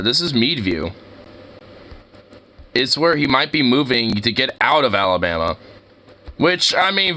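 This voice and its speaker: Excitable laughing man, bright tone. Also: medium pitch, moderate pace, a little hiss or hum. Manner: excitable, laughs often, slangy. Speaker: streamer. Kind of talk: casual commentary while browsing street view.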